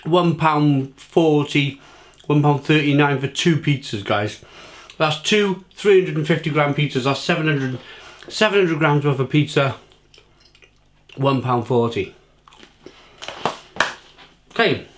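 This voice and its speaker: A man's voice: a little high, lively intonation, moderate pace. A British man in his thirties chatting casually to camera as a food reviewer, repeating himself and talking while he eats.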